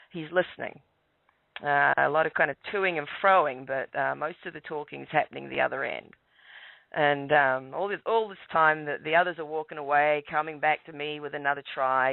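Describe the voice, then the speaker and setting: Australian man, gravelly, over a phone line. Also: a little high, no echo. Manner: calm storytelling with many restarts. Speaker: guest telling his story. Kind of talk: casual radio call-in chat. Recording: tinny phone line, dry.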